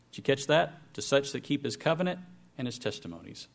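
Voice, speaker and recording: A man preaching a sermon, reading scripture aloud with emphasis and dropping to quiet, low asides to explain it. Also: sing-song, fairly quick, creaky.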